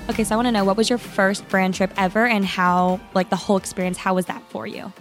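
A woman's voice: mid-range voice, quick pace, hardly any pauses, dry recording, studio quality, soft background music. A young woman co-hosting a podcast, chatting casually and telling stories with lots of laughter and quoted voices. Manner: giggly, animated storytelling with quoted voices. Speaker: podcast co-host. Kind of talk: casual chat with ad read.

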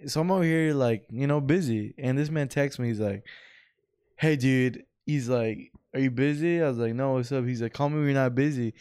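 Smooth-voiced young man chatting. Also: mid-range voice, normal speed, darkish tone. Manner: candid storytelling, profane, fillers. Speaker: podcast co-host. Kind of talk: casual chat.

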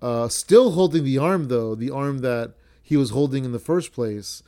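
A man's voice: medium pitch, normal speed, warm tone. A man hosting a podcast, recapping a match in a rambling, profane, self-correcting way. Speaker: podcast host.

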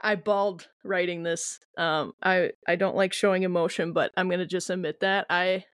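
A woman's voice: on the low side, fairly even intonation, normal speed, fairly bright tone, no room sound, studio quality. A woman co-hosting a podcast in a casual, hesitant way, with many filler words and some mild swearing. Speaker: podcast co-host. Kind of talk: casual chat.

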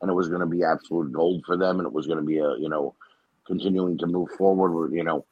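Deep husky man on a dull mic. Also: steady tone, fast talker, no echo. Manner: swears casually, gives opinions. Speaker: podcast panelist. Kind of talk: casual podcast chat.

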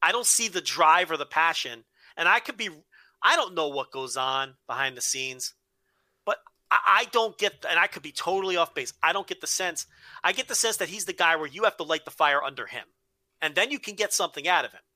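Bright, blunt male podcast co-host. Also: a little high, animated, brisk, dry recording. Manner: blunt, profane opinions, hedging restarts. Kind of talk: casual podcast chat.

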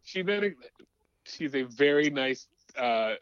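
A man's voice: medium pitch, animated, slow, fairly bright tone, clean tone, no room sound, lo-fi sound. A man telling a rambling story in a casual radio chat, with many restarts. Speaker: show regular.

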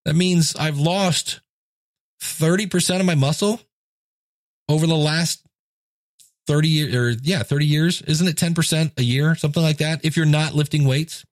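A man's voice: a little high, normal speed, no echo, clean studio sound. A man in his fifties giving a casual motivational monologue, telling stories and acting out quoted voices. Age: 50s. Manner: storytelling, acts out quoted voices.

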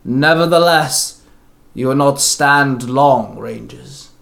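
A man voicing a slow, loud, mocking villainous conqueror in a storybook reading. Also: medium pitch, vocal fry. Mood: gloating. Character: gloating villainous sky-floating conqueror, male adult.

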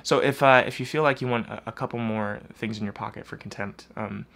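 Gravelly-voiced man giving relationship advice. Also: fairly low pitch, steady tone, fairly quick, a bit bright. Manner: acts out both sides of imagined arguments. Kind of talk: casual advice monologue with acted examples.

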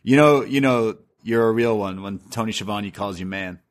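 A man's voice: fairly low pitch, normal speed. A man co-hosting a podcast, casually recapping a wrestling show in a rambling way, laughing often as he retells what was said. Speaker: podcast co-host.

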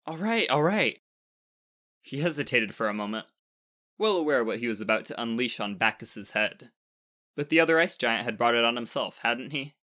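A man narrating a scripted space fairy tale as the podcast's storyteller, in a steady, expressive read. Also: medium pitch, brisk.

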